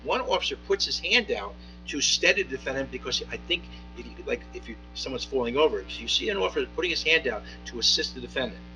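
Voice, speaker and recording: A man, a municipal judge, speaking from the bench in a courtroom, giving a measured ruling with frequent pauses, fillers and restarts. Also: mid-range voice, lively intonation, over music, rough recording.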